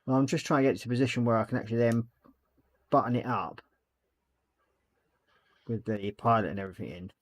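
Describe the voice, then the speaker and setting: A man's voice: mid-range voice, fairly quick, long pauses, dry recording. A man hosting a casual chat stream, talking while he paints a model and laughing often. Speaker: streamer host.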